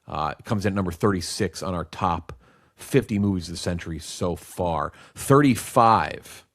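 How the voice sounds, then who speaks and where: Man, podcast host, low lively voice, casual movie chat, steers the conversation. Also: moderate pace, dry recording, clean studio sound. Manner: lively, leads the rundown and quizzes co-hosts.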